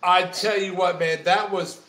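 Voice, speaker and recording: A man with a bright, forward tone jokes and teases with enthusiasm. His voice sits slightly high, in casual podcast banter. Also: fairly even intonation, measured pace, reverberant, a little hiss or hum. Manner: joking, teasing, enthusiastic. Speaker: podcast co-host.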